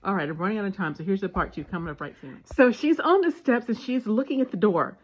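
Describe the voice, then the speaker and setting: A woman casually telling a family story and giving parenting advice, animated and acting out the dialogue. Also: medium pitch, quick pace, slightly rough. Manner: animated retelling with voiced dialogue. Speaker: parenting vlogger. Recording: dull lo-fi sound.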